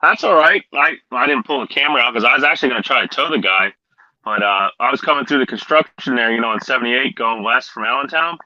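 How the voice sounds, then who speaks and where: A man's voice: medium pitch, animated, fast talker, pushed and bright, dry recording, highs cut off. A man, a fellow trucker, chatting loosely over a call, joking and swearing casually.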